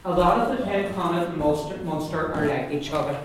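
A man's voice: a little high, a little fast. Man teaching in an echoey classroom. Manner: explains in loose restarts, checks with the class often. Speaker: Irish language teacher. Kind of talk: classroom lesson. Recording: echoey room from far off, noisy.

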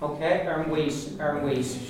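A man's voice: fairly high pitch, steady tone, darkish tone, distant mic, a little hiss or hum. Echoey male teacher drilling sounds. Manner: patient, demonstrates sounds by repeating them slowly. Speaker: language teacher. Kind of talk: pronunciation lesson with repeat-after-me drills.

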